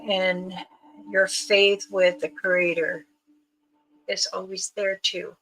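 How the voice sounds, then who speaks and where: An older woman speaks as an elder and guide on her own livestream. She takes her time, and her words drift and circle back as she tells the story. Her voice is bright and slightly strained. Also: medium pitch, level tone, slow pace, low-quality recording. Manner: meandering, with many fillers and restarts.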